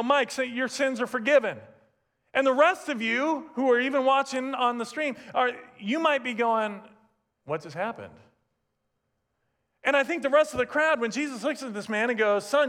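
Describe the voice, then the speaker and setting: Male pastor, fairly high voice, lively storytelling sermon delivery. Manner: animated storytelling with asides and laughs. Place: church sanctuary, also streamed.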